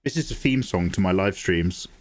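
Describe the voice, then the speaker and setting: Man, art livestream chat, animated rising and falling pitch, excitable, swears a lot. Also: moderate pace. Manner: excitable, swears freely, thanks chat by name. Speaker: livestreaming artist. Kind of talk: casual chat with viewers.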